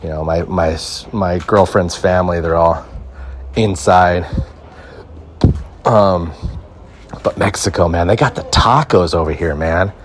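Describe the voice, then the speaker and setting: A man's voice: low voice, unhurried, pauses often, slight background noise. A young man hosting a solo podcast from a backyard outdoors, talking into a phone in a rambling, laid-back way and filling his speech with "like" and "right?". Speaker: podcast host. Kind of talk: casual solo podcast chat.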